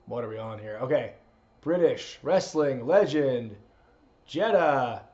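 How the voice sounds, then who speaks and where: A man's voice: mid-range voice, expressive, slow pace, mellow, lo-fi sound. A man hosting a live wrestling watch-along stream, chatting casually, laughing, and reading out viewer requests. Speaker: streamer host.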